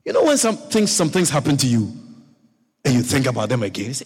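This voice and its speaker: A man preaching a sermon, telling the story with animated swings up to shouts. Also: extremely high pitch, fast talker, gravelly, breathy edge. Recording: long echo of a large hall.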